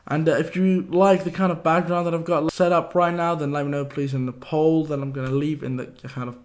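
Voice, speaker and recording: A young man with a hoarse voice hosting a casual tech tips vlog, breezy and slangy in quick-fire delivery. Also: a little high, little pitch movement, darkish tone. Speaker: tech video host.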